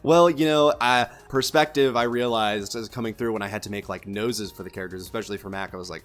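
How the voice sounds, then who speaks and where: A man's voice: on the low side, fairly bright tone, soft background music. A man with a nasal voice chatting casually and joking at his own expense. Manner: upbeat, self-mocking, quick joking. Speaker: co-host, voice actor. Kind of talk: casual chat.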